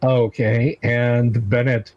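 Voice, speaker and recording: A man running a tabletop game as game master, halting with many filler sounds. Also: mid-range voice, little pitch movement, a little mellow, no room sound, highs cut off. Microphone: video call mic.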